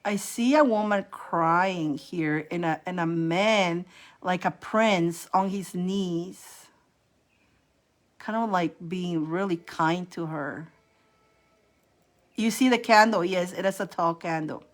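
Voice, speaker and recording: A woman's voice: fairly low pitch, takes it slowly. Chatty woman doing spiritual readings. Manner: chatty and animated, repeats herself, laughs often. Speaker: host giving psychic readings. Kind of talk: casual live-stream spiritual reading.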